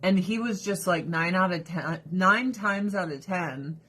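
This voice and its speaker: A woman's voice: lowish voice, unhurried, fairly bright tone. A woman hosting a casual livestream chat and plugging her Avon store, candid and blunt, swearing freely and laughing often. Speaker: livestream host and Avon seller.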